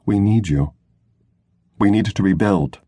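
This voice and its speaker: Guy doing a fiery spacer woman, pushy and insistent, a bit husky, audiobook. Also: fairly low pitch, a little slow. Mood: demanding. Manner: insistent, forceful. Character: angry demanding young woman, a spacer. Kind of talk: audiobook narration.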